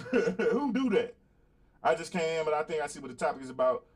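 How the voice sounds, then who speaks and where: A man hosting a casual talk show stream, his voice sitting a little high for a man. He is blunt and swears freely. He circles back to repeat his points, laughs between them and calls out to viewers in the chat. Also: very animated, moderate pace, husky. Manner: blunt, profane, emphatic, repeats himself. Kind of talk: casual livestream monologue, answering chat.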